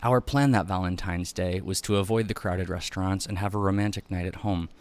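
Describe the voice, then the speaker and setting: A man reads a first-person memoir aloud as an audiobook narrator, telling the story in a measured, even way. His voice sits low.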